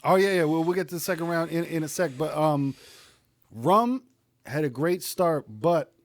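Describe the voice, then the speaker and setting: A man's voice: a little high, lively intonation, normal speed. A man co-hosting a casual podcast chat, upbeat and leading the talk. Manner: upbeat, leads the talk, laughs easily. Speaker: podcast co-host.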